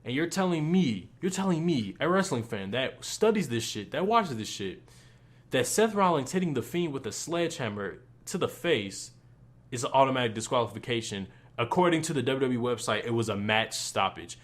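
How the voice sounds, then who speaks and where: Young male reviewer, mid-pitched, profane, exasperated ranting style. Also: animated, moderate pace. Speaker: wrestling reviewer.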